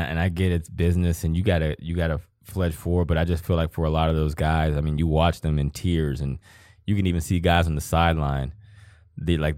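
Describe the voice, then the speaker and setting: A man's voice: extremely low pitch, darkish tone, no room sound, studio quality. A man in his thirties co-hosting a podcast, talking casually and from the heart, rambling and swearing freely. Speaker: podcast co-host. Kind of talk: casual emotional conversation.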